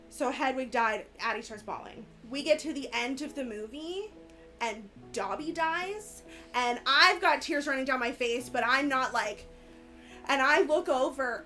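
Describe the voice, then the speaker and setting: Brief: high-pitched woman in her thirties, podcast guest, giggly storyteller, music bed behind. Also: a little slow. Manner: laughing storyteller, animated retelling. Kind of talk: casual chat.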